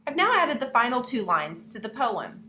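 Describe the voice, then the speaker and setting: A young woman teaches her class in a playful manner and keeps speaking straight to the students. Her voice sits a little high. The recording has the echo of a room and a faint hiss behind it. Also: very animated, normal speed, pushed and bright. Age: young adult. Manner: playful, addresses students directly. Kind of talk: classroom lesson narration.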